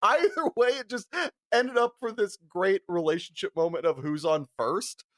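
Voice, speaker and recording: A man's voice: high voice, normal speed, a bit bright, a little hiss or hum. A man co-hosting a podcast, telling a story in a casual, profane way and laughing often. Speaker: podcast co-host.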